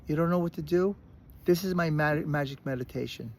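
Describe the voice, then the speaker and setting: A man with a Brooklyn accent telling a personal story in a casual, animated way, often restarting and repeating words. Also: a little high, fairly quick, a little hiss or hum. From Brooklyn, New York. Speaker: recovery speaker.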